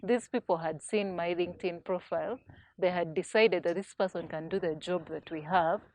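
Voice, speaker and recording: A woman's voice: on the low side, fairly even intonation, moderate pace, a little mellow, a little hiss or hum. A woman co-hosting a casual panel chat, telling a story candidly and laughing at herself. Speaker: podcast co-host.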